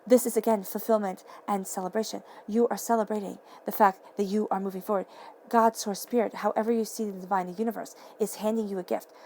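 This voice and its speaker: A woman giving a tarot reading to camera, earnest and excitable, repeating affirming phrases and sometimes tripping over her words. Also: mid-range voice, fast talker, slight background noise. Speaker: tarot reader. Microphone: camera mic.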